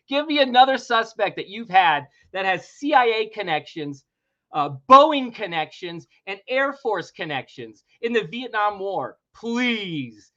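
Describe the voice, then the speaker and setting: A man's voice: high voice, big pitch swings, a little slow, bright, forceful tone, lo-fi sound. A man hosting a podcast, ranting emphatically and swearing freely. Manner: heated, emphatic, swears freely, laughs in disbelief. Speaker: podcast host. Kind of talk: opinionated podcast rant.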